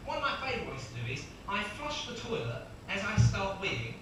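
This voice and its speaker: Man, thirties, stand-up comedian, self-mocking, high-pitched, noisy live room. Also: wildly swooping pitch, brisk. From England. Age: 30s. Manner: self-mocking, chatty, breaks into laughter. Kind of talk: live stand-up with crowd work. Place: small comedy club, live audience. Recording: echoey room from far off, noisy.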